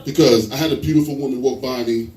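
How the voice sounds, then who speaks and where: A man performing a stand-up comedy set, telling animated stories and slipping into quoted voices, in a live venue. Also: mid-range voice, quick pace, slight background noise. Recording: echoey live venue, mic at a distance.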